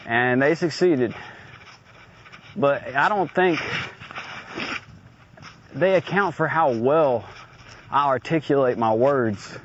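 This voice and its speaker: Man, aggrieved and profane, in an audio diary rant; muffled lo-fi take with faint hiss. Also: mid-range voice. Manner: blunt, profane, aggrieved venting. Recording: dull lo-fi recording with faint noise.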